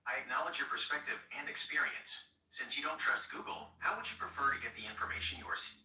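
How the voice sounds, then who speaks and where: A male AI assistant answers in a very bright, fast, polished voice. He is formal and apologetic in a scripted way. It plays through a speaker in a roomy space, away from the mic. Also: medium pitch, distant mic.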